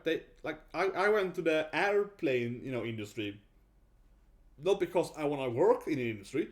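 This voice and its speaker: Brief: Swedish-accented man in his thirties, blunt and animated storyteller, slightly higher voice. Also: normal speed. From Sweden. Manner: animated, blunt, swears and laughs often. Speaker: vlogger. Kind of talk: casual storytelling vlog.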